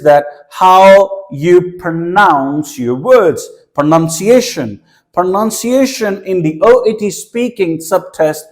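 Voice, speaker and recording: A man with a Pakistani accent and a notably high speaking voice gives an exam-prep lesson. He explains methodically, restating points and sometimes stumbling over repeated words as he works out his phrasing. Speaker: exam tutor. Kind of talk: teaching lecture.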